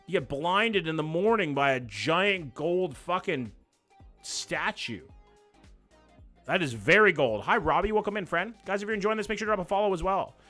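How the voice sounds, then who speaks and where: This livestream host, a young man from Canada, has a fairly high, bright, forceful voice. He keeps things loose with his viewers, cursing and cracking jokes while reacting to the content in front of him.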